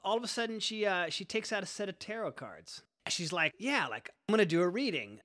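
Young guy spinning a story, bright voice, chill and slangy. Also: high voice, sing-song, fairly quick. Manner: laid-back, slangy, wry. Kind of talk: first-person storytelling monologue.

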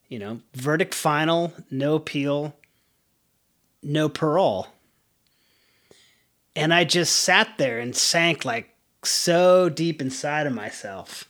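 A man's voice: on the high side, sharp tone. A young man narrating a first-person memoir in a loose, conversational way, full of fillers and swearing. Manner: conversational, heavy fillers, profane.

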